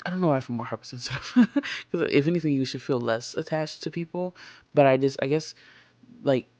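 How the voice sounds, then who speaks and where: A man's voice: mid-range voice, a little fast, darkish tone, no echo, highs cut off. A young man chatting casually over gameplay as a game speedbuild creator, rambling through stories and swearing freely.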